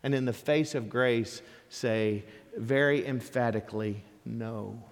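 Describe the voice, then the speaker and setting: A man preaching a sermon as pastor, emphatic and animated, with lively storytelling asides. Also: medium pitch, a little slow, big-room sound.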